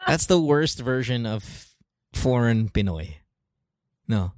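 A man with a Filipino accent hosting a casual chat show, telling stories with animated energy and slipping Tagalog phrases into his English. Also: medium pitch, slow, no room sound, studio quality. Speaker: podcast host.

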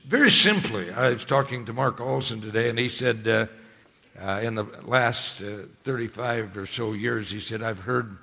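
A man preaching a sermon in a church, with emphatic, swelling phrases and a steady, conversational delivery between the peaks. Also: on the low side, moderate pace, gravelly. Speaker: pastor. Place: church sanctuary. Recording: long hall reverb.

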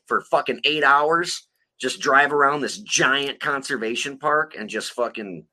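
A man's voice: medium pitch, moderate pace, sharp tone. A man co-hosting a podcast, telling rambling stories in casual chat full of profanity. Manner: rambling, heavily profane storytelling. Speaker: podcast co-host.

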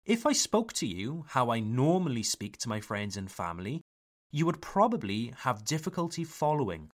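A man from Wales teaching English in a podcast lesson, pronouncing example words slowly and carefully and switching into French to explain. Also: medium pitch, sing-song. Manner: slow, careful, exaggerated pronunciation of example words.

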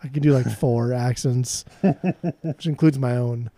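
A man co-hosting a casual music podcast, talking in a playful, animated way, swearing and laughing. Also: medium pitch, unhurried, a little hiss or hum. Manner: animated, swearing, playful, breaks into silly voices. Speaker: podcast co-host.

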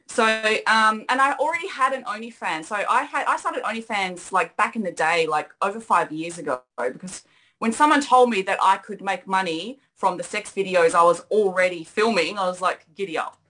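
A woman's voice: mid-range voice, normal speed, pushed and bright, poor audio. An Australian woman chatting as a guest on a video call, upbeat and chatty. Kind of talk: casual chat on a video call.

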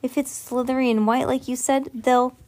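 Woman voicing a suspicious young boy, tough talk, raised pitch, storybook. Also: level tone, moderate pace, darkish tone, close to an everyday voice.

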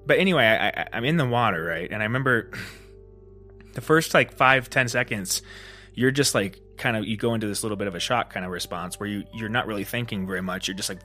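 A man hosting a solo podcast, telling a story in a rambling, casual way, full of fillers and restarts, and lively when he acts out the moments. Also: on the low side, a little fast, faint music behind. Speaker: podcast host.

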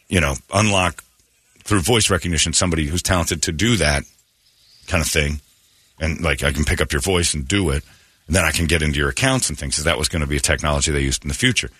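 A man hosting a morning radio show, telling stories in casual banter and slipping into quick impressions. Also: extremely low pitch, no echo. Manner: storytelling, animated, slips into impressions.

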